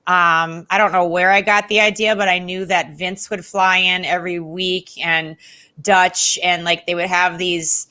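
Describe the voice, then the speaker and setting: Bright, animated woman telling stories. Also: on the low side, a little slow. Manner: animated, acts out quotes with shifting voices. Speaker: podcast guest, former wrestling interviewer. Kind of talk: casual storytelling chat.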